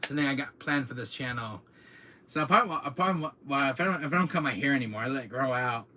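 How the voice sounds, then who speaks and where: An excitable man chatting to his viewers in a rambling, giggly way, his voice strikingly bright and sharp. His pitch bounces around a lot, with a faint hiss of noise behind him. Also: fast. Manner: excitable, rambling, laughs often, repeats himself. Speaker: channel host. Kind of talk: casual vlog chat to viewers. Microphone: camera mic, seated in chair.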